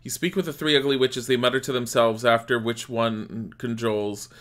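Bright-voiced man streaming a game. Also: mid-range voice, steady tone, moderate pace, hardly any pauses. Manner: reads on-screen game text aloud between typed commands. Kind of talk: live game playthrough.

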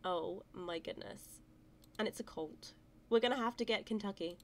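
A woman giving casual let's-play commentary, excitable and gushing, cooing over cute animals. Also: mid-range voice, normal speed. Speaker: gaming channel host.

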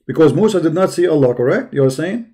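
A man's voice: fairly high pitch, animated, quick pace, dark tone. A man with an Arabic accent hosting a religious debate call, insistent and repeating himself. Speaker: debate host.

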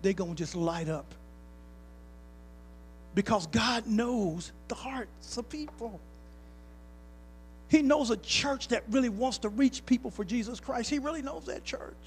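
High-voiced pastor preaching with swing. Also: male voice, darkish tone. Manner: preacher's call-and-response, folksy, rising to emphatic. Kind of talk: sermon with personal stories. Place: church sanctuary.

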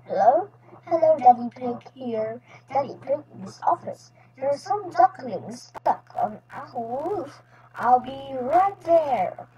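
A woman voices a cheery father pig from a children's storybook, with a high, lively voice. He talks in a plain, matter-of-fact way. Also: slow pace, muffled recording.

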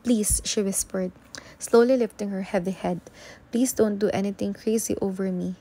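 A woman's voice: medium pitch, fairly even intonation, moderate pace, dark tone, lightly acted. A woman reading aloud as an upset teenage girl who feels worthless, her voice raised and strained. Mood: pleading. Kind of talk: audiobook reading.

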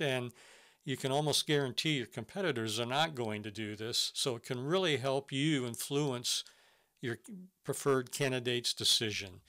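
A man's voice: mid-range voice, pushed and bright. A man presenting a business webinar, giving earnest step-by-step advice on hiring with some fillers and restarts. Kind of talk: instructional webinar talk.

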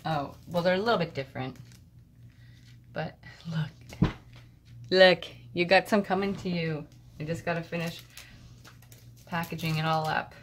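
A woman at her home craft desk chatting casually and excitedly as she shows off mail she received, picked up by a camera on the desk. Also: on the low side, a little slow, long pauses, slight background noise. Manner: gushing, excitable, rambling. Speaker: crafting vlogger.

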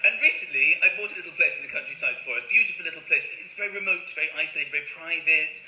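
A man performing an animated stand-up comedy routine on stage, acting out noises and voices. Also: a little high, very fast, roomy sound, background noise.

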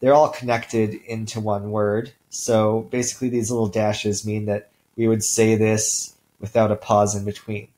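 A male linguistics instructor giving a recorded lecture in a relaxed way, with many ums and uhs and the odd throat clear. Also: lowish voice, moderate pace, hardly any pauses, rough recording.

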